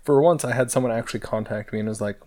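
A young adult man co-hosting a podcast in casual chat, with dry, deadpan humor. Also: medium pitch, fast, a crowd in the background. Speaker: podcast co-host.

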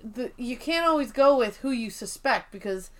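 A woman's voice: fairly high pitch, normal speed. A woman co-hosting a podcast, casually recapping an episode and acting out characters' lines with a lot of energy. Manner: animated retelling, acts out characters' lines; swears casually. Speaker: podcast co-host.

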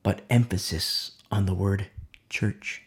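A man preaching a verse-by-verse sermon who swings from loud emphasis to hushed whispers and repeats key phrases for weight. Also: low voice, steady tone, takes it slowly. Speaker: preacher leading a Bible study.

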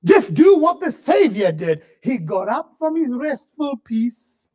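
A man preaching a sermon, swinging between fervent shouts and low, drawn-out murmurs. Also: sing-song.

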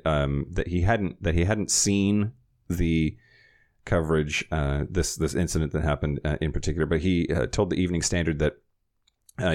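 A man with a deep, low-pitched voice runs through the week's news on a podcast. He keeps it conversational, pausing for wry side comments and quick laughs. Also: a little mellow. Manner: reads news items with wry asides and laughs. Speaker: podcast host. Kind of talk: casual news rundown.

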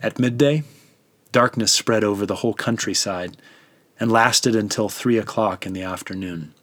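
A man narrating as God the Father in a solemn, measured and tender dramatic scripture reading. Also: on the low side, a bit bright, no room sound.

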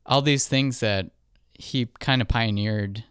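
A man's voice: medium pitch, slow pace, a bit bright, clear, resonant tone, no room sound, studio quality. A man who composes film music, talking casually and thinking aloud with fillers. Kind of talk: casual podcast chat.

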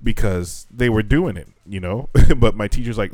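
A young man, a teacher, telling a frustrating work story on a podcast, animated and swearing freely as he acts out what people said. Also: lowish voice, normal speed, dry recording. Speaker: podcast co-host; assistant language teacher in Japan. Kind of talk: casual chat.

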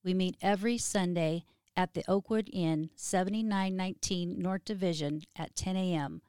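A woman announcer reading a scripted church announcement in a measured, read-out way. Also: lowish voice, darkish tone, clean tone, dry recording, clean studio sound.

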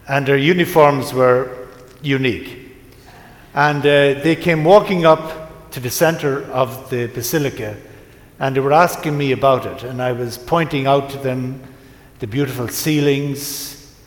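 Priest giving a homily in an echoey church. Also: male voice, mid-range voice. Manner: gentle storytelling, unhurried with pauses. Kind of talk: sermon. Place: large church.

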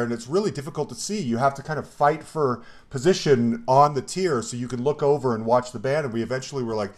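A man from Colorado hosting a podcast interview, laughing often and listening eagerly. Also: medium pitch. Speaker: podcast host. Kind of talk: casual interview chat.

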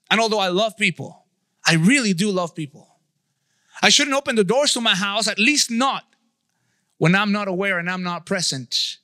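A man's voice: high-pitched, sharp tone, no room sound, studio quality. A man in his thirties giving a conversational sermon, often checking in with his listeners. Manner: conversational preaching, asks the audience. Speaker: pastor.

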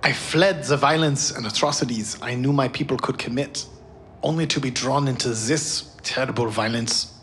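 A man voicing a weary, gentle male scientist who speaks formally and sadly. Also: mid-range voice, normal speed, slight background noise, natural voice. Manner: formal, melancholy speech.

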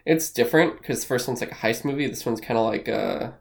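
Excitable male co-host, rambles, curses freely, casual podcast chat. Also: medium pitch, fast, gravelly. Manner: rambling, excitable, swears often.

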